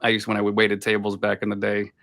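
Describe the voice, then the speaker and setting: A man's voice: on the low side, monotone, fast, gravelly, a bit bright. A man from Boston, a voice actor guest, telling rambling anecdotes in a casual interview over a video call. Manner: rambling anecdotes full of filler "like".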